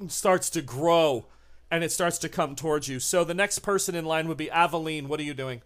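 A man running a tabletop horror game as game master, narrating lively and shouting out characters' lines now and then. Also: on the high side, brisk.

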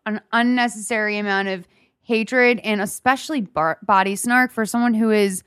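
A woman chatting casually as a podcast co-host, animated, swearing freely and filling every pause with "like". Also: mid-range voice, clean tone, no echo, studio quality. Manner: animated, swears a lot, heavy use of "like". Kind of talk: casual chat.

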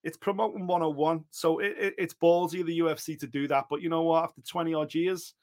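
Animated, higher-voiced man in casual sports chat. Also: fast talker. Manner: animated, acts out other people's quotes with swearing. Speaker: podcast co-host.

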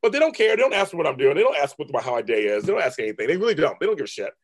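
Rapid-fire and very animated, this fifties-aged male artist gives a frank, casual interview in a fairly high voice. He's blunt and foul-mouthed, mimicking relatives by raising his voice.

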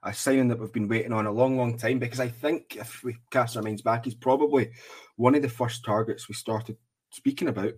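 A man hosting a casual football podcast, chatty and relaxed, with plenty of ums and pauses. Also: medium pitch, husky. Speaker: podcast host. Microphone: earphones in, podcast mic.

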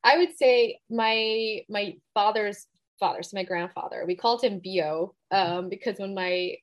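A woman in her thirties talks as a podcast guest, earnest and reflective as she thinks through her answers. Her voice sits at a middle pitch in an easy conversational tone. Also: moderate pace. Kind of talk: casual interview chat.

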